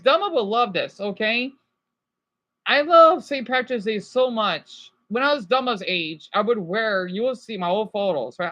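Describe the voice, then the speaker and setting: A man's voice: very high voice, bright, forceful tone, poor audio. Rambling man chatting on a livestream. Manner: rambling, jumps between topics, swears casually. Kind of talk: casual livestream chat.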